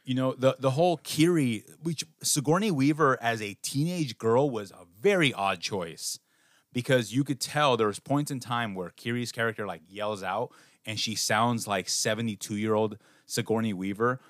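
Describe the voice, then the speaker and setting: A man co-hosting a podcast, reviewing a film in casual banter, animated and profane, with a lot of halting restarts. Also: mid-range voice, no room sound, clean studio sound. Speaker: podcast co-host.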